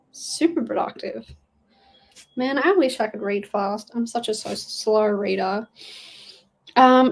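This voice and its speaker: A woman's voice: on the high side, a little mellow, rough recording. A young woman chatting casually on a livestream, greeting viewers and rambling about her reading goals with plenty of fillers, from her dad's study at home. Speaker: livestreaming booktuber.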